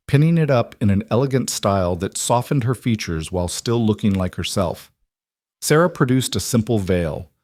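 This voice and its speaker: A man narrating a scripted western romance story in a measured, gentle way. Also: lowish voice, no echo, studio quality.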